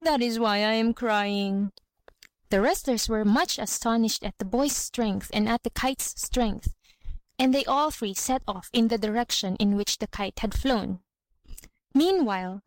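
A woman narrates a storybook folk tale in a fairly high voice. Her reading is even, clear and unhurried. The sound is dry and close, with no room echo. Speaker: reader.

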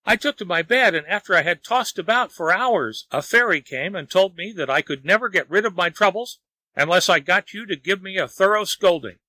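A man's voice: high-pitched, expressive, fairly quick, bright, forceful tone, no echo, pitched above the performer's own voice. A man voicing a wailing, begging lazy man. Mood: pleading. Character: frantic itching lazy man, pleading.

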